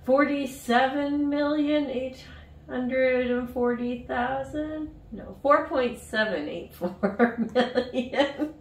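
A woman's voice: high-pitched, takes it slowly. A woman vlogger chatting casually to camera, bubbly and giggly, losing track of numbers as she goes. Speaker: vlogger reviewing a snack box. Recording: roomy echo, mic set at a distance.

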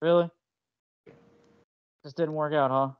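High-voiced man, podcast co-host, animated slangy storytelling, dull lo-fi sound. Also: measured pace, clean tone, no room sound. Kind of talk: casual interview chat.

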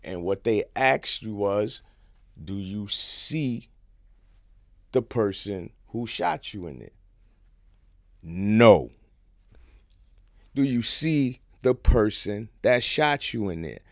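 New man, podcast guest, close dry studio mic, lively storytelling, hushed to shouting. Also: on the low side, slow pace, long pauses, no room sound. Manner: animated, swings from hushed to shouting. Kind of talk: casual storytelling.

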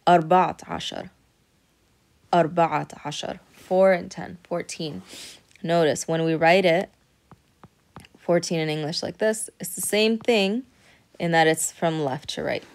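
A woman's voice: fairly low pitch, measured pace. A woman teaching a recorded Arabic lesson, patiently explaining step by step and checking in with frequent "okay".

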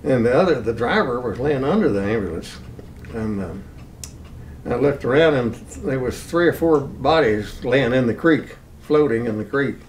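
An older man from Texas recounts his memories in a plain, unhurried way and chuckles now and then. His voice sits at an ordinary middle pitch. He is a little distant from the microphone, and faint hiss runs underneath. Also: lively intonation. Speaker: interviewee, war veteran. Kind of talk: oral history storytelling.

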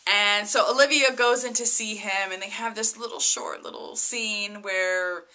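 A woman vlogger recapping a TV episode in a casual, excitable way, full of "like" and "you know". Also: mid-range voice, a little slow. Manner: chatty, lots of "like" and "you know" fillers; excitable, gushing.

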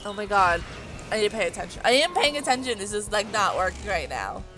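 A young woman talks through a video game as she plays, excitable and chatty on her desk mic. Her voice sits mid-pitch for a woman. Soft game music runs behind her. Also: a little fast. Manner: excitable, chatty, reads game dialogue aloud. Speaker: let's play host. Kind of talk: casual gameplay commentary.

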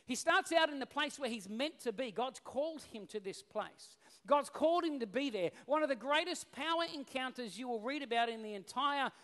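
Animated man preaching in a hall. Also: extremely high pitch, moderate pace, hardly any pauses. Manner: animated, casual storytelling. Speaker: pastor. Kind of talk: sermon. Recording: long reverb in a hall.

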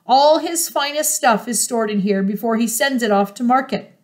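A woman's voice: a little high, normal speed, natural voice. A woman voicing Mister Fox, a proud and bossy male fox father, in a storybook read-aloud, exclaiming and giving orders. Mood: gleeful. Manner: exclaiming, lively, commanding.

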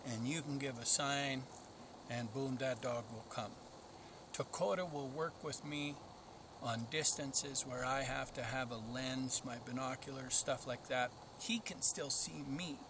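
A man's voice: medium pitch, noisy background. A man explaining dog training in a plainspoken, practical way while out in open country. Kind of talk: outdoor training vlog.

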